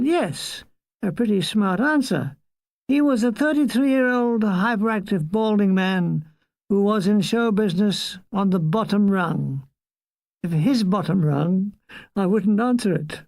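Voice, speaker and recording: Slow, deadpan older woman reading aloud. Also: mid-range voice, no echo, studio quality. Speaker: reader. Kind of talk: reading a comic memoir aloud.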